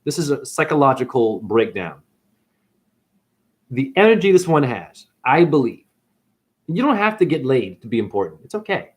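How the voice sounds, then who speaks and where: Animated man ranting with lively pitch. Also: moderate pace, long pauses. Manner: animated storytelling with big pitch swings. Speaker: spiritual vlogger. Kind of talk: casual ranting monologue.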